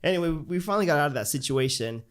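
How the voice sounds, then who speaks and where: A man hosting a podcast, animated and full of fillers as he tells a story and acts out the voices. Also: on the high side, racing.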